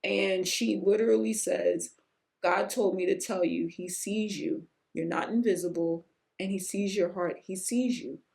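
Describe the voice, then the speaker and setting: Gravelly-voiced woman telling a raw story. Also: unhurried. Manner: emotional, earnest, rising to near-shouts at high points; breaks off to hush a pet in a low, quiet voice. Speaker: podcast host. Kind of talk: candid personal storytelling.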